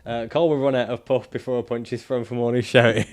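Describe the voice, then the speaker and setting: Male streamer, casual chat, jokey, cursing a lot, laughs a bunch, mid pitch. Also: flat delivery, fast talker. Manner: jokey and profane, laughs often. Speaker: livestreamer. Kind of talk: casual livestream chat reading viewer comments.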